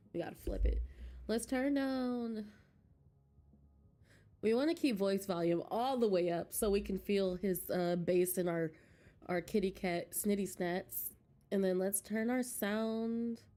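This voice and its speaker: A woman's voice: medium pitch, mellow. A woman streaming a game from home, chatting casually with her viewers and laughing often, close to a desk mic. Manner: chatty, giggly, talks to chat.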